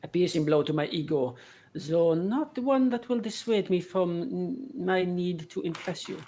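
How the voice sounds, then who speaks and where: A woman's voice: lowish voice, measured pace, warm tone, natural voice. A woman doing a pompous young barista man. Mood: grand. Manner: grandly formal, theatrical politeness. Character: young male barista, pompous aspiring musician.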